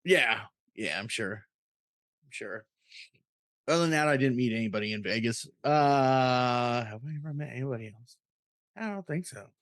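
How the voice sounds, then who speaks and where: A man's voice: medium pitch, animated, normal speed, pauses often, fairly bright tone, no room sound, studio quality. A man co-hosting a podcast in casual chat, loose and profane, stopping to explain things to a co-host.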